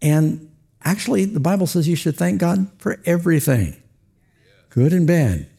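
A man's voice: fairly high pitch, expressive, moderate pace, vocal fry, warm tone, husky. A man preaching a sermon, telling stories with acted quotes and chuckles. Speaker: pastor.

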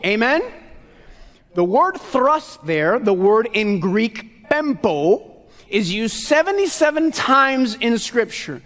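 A Puerto Rican man preaching a sermon loudly and emphatically, calling to the congregation for answers. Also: extremely high pitch, very animated, slow. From Puerto Rico. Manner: loud, emphatic call-and-response preaching. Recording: long hall reverb.

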